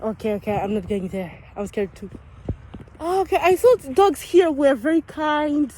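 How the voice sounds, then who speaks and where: A woman's voice: high-pitched, lively intonation, moderate pace, warm tone, a little hiss or hum. A young French woman vlogging outdoors in a city, talking with a French accent, playful and teasing with big exaggerated reactions. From France. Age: young adult. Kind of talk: playful street vlog.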